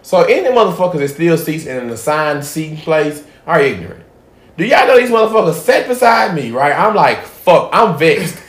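A man hosting a casual podcast, telling a profane story with animated swings between loud bits and hushed asides. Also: fairly high pitch, a little fast. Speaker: podcast host. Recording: echoey room.

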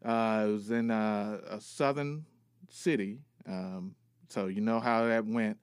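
A man with a New York accent talks through a book pick in a casual podcast segment. His voice is smooth and resonant, close and dry, his tone earnest and loose with fillers. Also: lowish voice, takes it slowly, no room sound. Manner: relaxed, earnest, with many fillers. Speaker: podcast co-host giving book recommendations.

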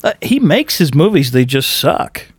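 A man's voice: on the high side, very animated, normal speed, slightly rough, no room sound. A man in a casual chat, trading wry jokes. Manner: wry, joking banter.

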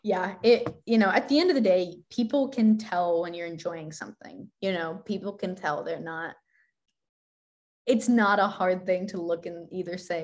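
A woman's voice: fairly low pitch, moderate pace. Bubbly young woman chatting. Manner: bubbly, animated, laughs often. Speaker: guest, gymnast and commentator. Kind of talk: casual chat.

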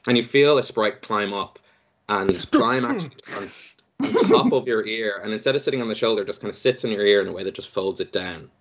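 A man's voice: lowish voice, sing-song, a little fast, creaky, highs cut off. A man running a tabletop game as game master, describing the scene in a loose, descriptive way.

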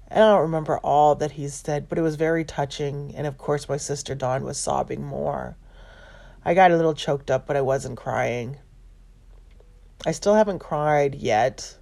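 Gravelly-voiced woman telling a personal story. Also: low-pitched, darkish tone. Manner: halting, self-correcting retelling. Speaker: vlogger.

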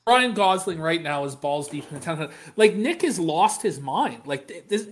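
A man's voice: a little high, very animated, moderate pace. A man co-hosting a comedic podcast, giving blunt, profane commentary. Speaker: podcast co-host.

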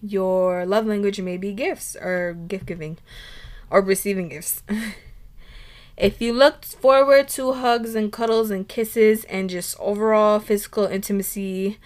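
A woman's voice: mid-range voice, fairly even intonation, unhurried. Casual young woman podcaster. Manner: casual, says "like" often, swears, laughs between points. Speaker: podcast host. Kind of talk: casual solo podcast chat.

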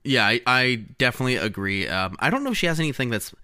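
A man's voice: mid-range voice, very animated, quick pace, pushed and bright, clean tone. A young man co-hosting a podcast, chatting casually and rambling with lots of fillers. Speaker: podcast co-host. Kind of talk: casual chat.

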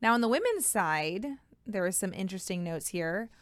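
Brief: female podcast co-host, smooth clear tone, dry close mic, easygoing news delivery. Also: mid-range voice, sing-song, normal speed, dry recording. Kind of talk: casual news chat.

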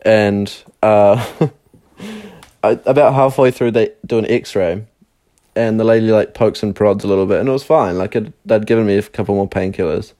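A man's voice: lowish voice, moderate pace, warm tone. A young man casually telling a rambling personal story, full of fillers and swearing. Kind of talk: casual chat.

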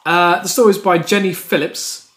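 A man's voice: high voice, fairly even intonation, moderate pace, a bit bright. A man from Gloucestershire co-hosting a comedy podcast, reading out local news stories in a dry, amused way. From Gloucestershire, England. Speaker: podcast co-host. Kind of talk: casual comedic chat.

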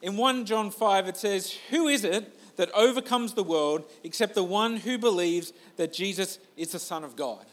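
A man preaching a sermon in a relaxed, conversational way, joking at his own expense and restarting his sentences. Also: high voice, moderate pace, few pauses. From Australia. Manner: conversational, self-deprecating, with restarts. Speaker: pastor.

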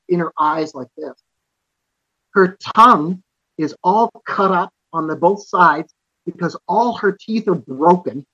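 Male podcast guest from Canada, slightly high voice, earnest personal storyteller, dry and somewhat muffled sound. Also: pushed and bright, no echo. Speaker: podcast guest, author and musician.

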